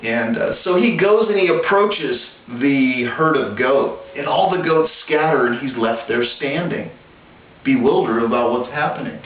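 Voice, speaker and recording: A man telling a spiritual parable in a slow, deliberate way with pauses and restarts, recorded through a tinny, echoey line from a distance. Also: medium pitch, expressive. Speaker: spiritual storyteller. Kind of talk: told parable, spiritual teaching. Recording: tinny far-off echoey lo-fi with faint background.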